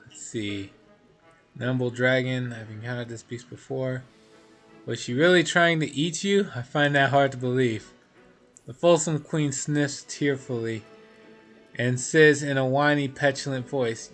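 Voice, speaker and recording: A man's voice: mid-range voice, fairly even intonation, measured pace, fairly bright tone, faint music behind. A man streaming a video game, reading its text aloud with laughing asides.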